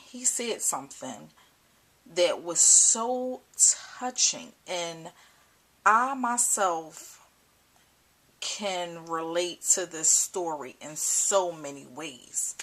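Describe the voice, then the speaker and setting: Choked-up mother, slow husky voice. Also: fairly low pitch, lively intonation, fairly bright tone. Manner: emotional, halting, repeats herself. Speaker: mother vlogger. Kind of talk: personal vlog talk. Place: at home indoors. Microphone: camcorder built-in mic.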